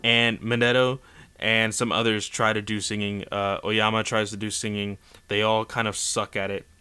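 A man's voice: fairly low pitch, level tone, moderate pace, bright, forceful tone, smooth. A man casually recapping a comic chapter in a rambling way, with many fillers and restarts. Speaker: manga chapter reviewer.

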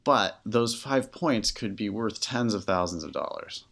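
A man with a low, deep voice talks in casual podcast conversation. He is a test-prep tutor speaking candidly, animated, with lots of everyday filler. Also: measured pace, creaky.

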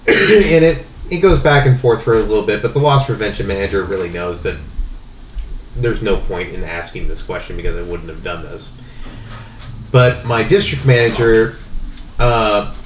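A man's voice: lowish voice, a little hiss or hum. Rambling man in an echoey room. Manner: rambling, many fillers and restarts. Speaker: podcast guest telling a work story. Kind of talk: casual storytelling chat.

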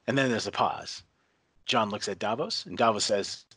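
A man reads a script aloud in a casual, halting way, pausing on fillers and correcting himself. His voice is fairly low. The sound is dry and close. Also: fairly bright tone, slightly rough, dry recording. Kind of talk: reading a script aloud with commentary.

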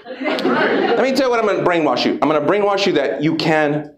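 A man giving an energetic, profane motivational talk to a live audience, calling out to the crowd. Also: fairly high pitch, brisk. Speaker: motivational speaker. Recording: echoey room with background noise.

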